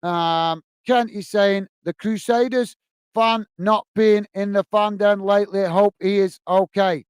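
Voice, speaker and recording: Guy reading out chat on his live stream, chatty, clear voice, dry sound. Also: high voice, fairly even intonation, measured pace, dry recording. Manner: reads viewer comments aloud, friendly and chatty. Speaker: livestream host reading chat.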